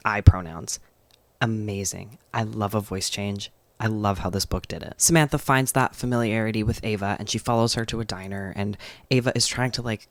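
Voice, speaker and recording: A man recaps a novel for his book channel in a relaxed, chatty way, sprinkling in "like" as he goes. His voice sits a little low. The recording is dry and close, with no room sound. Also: no echo. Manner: chatty, frequent "like" fillers, enthusiastic. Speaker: book vlogger. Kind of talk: casual book summary and review.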